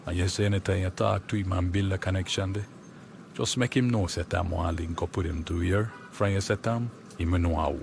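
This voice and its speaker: A man voicing a kindly, calm young Jamaican man who soothes his neighbour in an animated cartoon. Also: low-pitched, fairly quick, vocal fry, music in the background.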